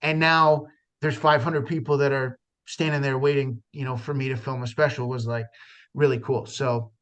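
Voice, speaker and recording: A man's voice: medium pitch, steady tone, moderate pace, fairly bright tone, muffled recording. A man, a stand-up comedian, talking earnestly in a casual conversation, with frequent restarts and fillers.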